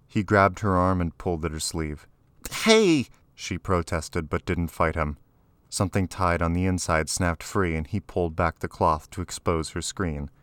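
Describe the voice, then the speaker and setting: Man, audiobook narration, very low voice, dry close sound. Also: fairly even intonation, normal speed, fairly bright tone, no room sound. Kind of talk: scripted narration.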